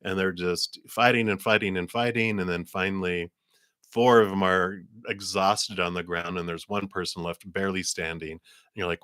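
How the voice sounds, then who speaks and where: A man's voice: deep voice, steady tone, normal speed, sharp tone, no room sound, studio quality. A man giving a live tarot reading, talking in a rambling, meandering way full of fillers. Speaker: tarot reader.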